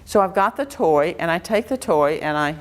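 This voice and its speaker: A woman's voice: fairly low pitch, lively intonation, normal speed. A woman educator giving an interactive workshop lecture, quizzing her audience with a string of questions in a room before a live audience.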